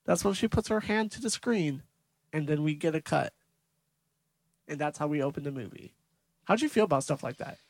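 A man's voice: a little high, animated, moderate pace, gravelly, long pauses, no echo. A young man co-hosting a movie podcast, recapping scenes in detail in casual chat. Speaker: podcast co-host.

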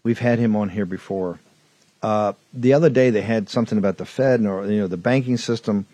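A man's voice: lowish voice, a little fast, warm tone, no room sound. A man hosting a political talk show, delivering fiery, emphatic, repetitive commentary. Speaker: host.

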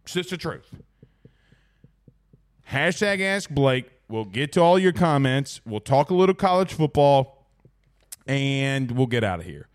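A man's voice: mid-range voice, very animated, unhurried, pauses often, clean tone. A man hosting a casual sports talk stream, chatting loosely as he reads out viewer comments. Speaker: sports talk show host.

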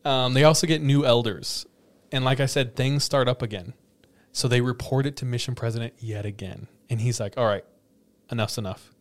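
Male podcast host, mid-pitched, animated storyteller who laughs a lot and acts out quotes; casual chat. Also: fairly quick.

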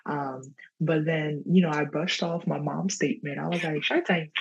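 A woman with a New York accent carrying a Ghanaian touch, a guest telling her story in a casual interview, chatty and quick to laugh. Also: sits low, steady tone, gravelly, a little mellow, husky, muffled recording. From New York (the Bronx). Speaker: guest, entrepreneur.

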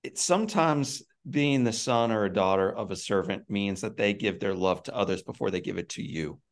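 Low, gravelly-voiced male interviewer. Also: normal speed. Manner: affirming, asks open questions. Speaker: interviewer, host. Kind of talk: conversational interview.

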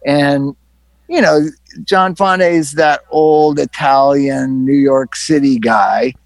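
A man's voice: a little high, steady tone, slow, vocal fry, no room sound. A man hosting a casual talk, reflecting and telling a long anecdote. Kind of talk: casual conversation.

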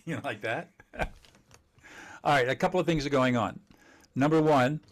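A man teaching communication skills in an interview, emphatic and animated, laughing often and acting out quoted dialogue. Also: mid-range voice, normal speed, pauses often. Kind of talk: conversational interview.

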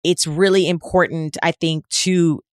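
A woman's voice: fairly low pitch, fairly even intonation, measured pace, no room sound, studio quality. A woman, a podcast co-host, telling honest, reflective stories about parenting in casual chat.

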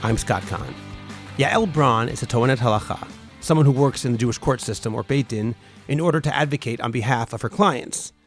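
A man hosting a podcast, reading a scripted intro in a clear, steady way and then asking interview questions. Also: mid-range voice, a little fast, soft background music. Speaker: podcast host.

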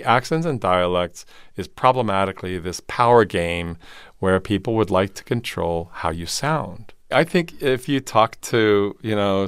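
Animated professor, low dry voice. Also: male voice, clean tone, no echo. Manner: expansive, animated explaining. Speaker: voice and theater professor guest. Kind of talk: conversational interview. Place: studio.

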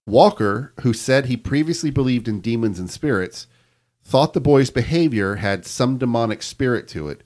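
A man hosting a podcast, reading a news account aloud to his co-hosts in a measured storytelling way. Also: mid-range voice, a little mellow. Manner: measured storytelling with quoted reports. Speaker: podcast host telling the story.

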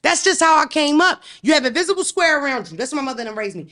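A middle-aged woman with a Philadelphia accent, telling stories in an animated, profane way as host of a casual chat. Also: high-pitched, quick pace. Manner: animated, profane, acts out voices. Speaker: podcast host.

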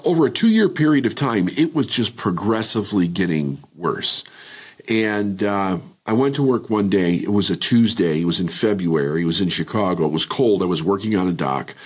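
Middle-aged male guest, very low husky voice, candid storyteller. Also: lively intonation, a little fast. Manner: candid, reflective storytelling with frequent restarts. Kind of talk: personal story in interview.

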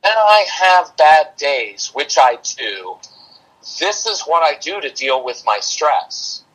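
A man's voice: fairly high pitch, big pitch swings, slow, fairly bright tone, slightly rough, low-quality recording. A man talking as a parenting coach and podcast guest, practical and plain-spoken, with a dry sarcastic streak and a habit of explaining through analogies. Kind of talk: casual podcast conversation.

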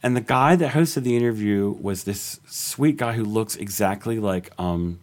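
A man co-hosting a podcast in casual chat, telling stories in an animated way. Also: lowish voice, normal speed. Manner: animated storytelling. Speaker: podcast co-host.

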